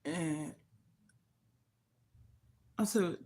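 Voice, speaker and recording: A woman's voice: low-pitched, measured pace. An older woman hosting a livestream, telling an emotional personal story of loss in a heartfelt, grieving way that sometimes turns indignant. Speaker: livestream host.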